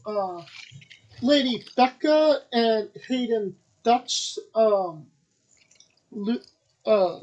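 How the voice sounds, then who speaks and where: A man with a fairly high voice hosts a casual podcast. He talks in an upbeat, rambling way, stumbling over names and filling gaps with ums. The delivery is loose and chatty. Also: drawn-out words, long pauses, a little mellow, dull audio. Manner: upbeat, rambling with many fillers. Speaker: podcast host. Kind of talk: casual chat.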